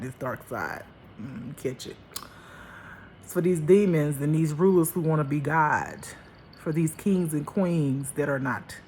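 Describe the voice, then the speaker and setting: This life teacher has a deep, somewhat mellow voice, and there's a faint hiss or hum on the recording. Chatty and emphatic, she gives a relaxed spiritual talk, laughing a lot and addressing everyone as honey and baby.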